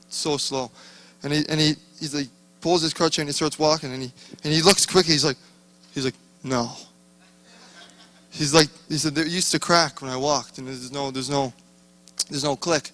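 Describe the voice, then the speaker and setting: A man's voice: on the high side, fairly even intonation, brisk, a bit bright. A man sharing a casual testimony in a rambling, self-interrupting way, often breaking off mid-sentence. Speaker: conference attendee sharing a testimony.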